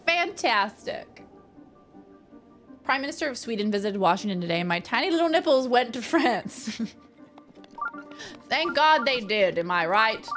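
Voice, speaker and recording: A young woman streaming a video game, chatting with her viewers in a playful, jokey way. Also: fairly high pitch. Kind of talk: casual live-stream chat.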